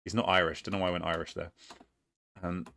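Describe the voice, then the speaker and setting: A man's voice: deep voice, level tone, fast, gravelly, bright, forceful tone. A man casually commentating his own board game match, rambling and hesitant, often laughing at himself.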